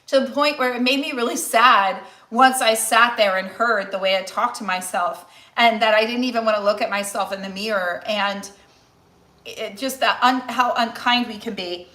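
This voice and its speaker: A woman's voice: mid-range voice, pushed and bright, echoey room. A woman in her forties, a nutritionist and weight loss coach, chatting casually and encouragingly on a cooking livestream with many restarts. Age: 40s.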